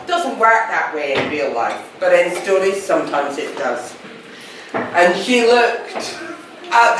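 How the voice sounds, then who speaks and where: A Scottish woman tells a fairy tale live in a museum hall, playful and chatty, turning to her audience often. Her high voice leaps and falls with lively, unhurried delivery. The room rings with long echo and the mic sits well away from her. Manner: playful, chatty, addresses listeners directly. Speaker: storyteller. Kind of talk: live oral storytelling to an audience. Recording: echoey hall, mic far off, faint noise.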